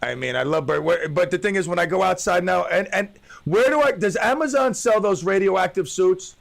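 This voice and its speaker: A man's voice: sits high, normal speed, creaky. A man hosting his own radio talk show alone, joking and rambling with playful tall tales.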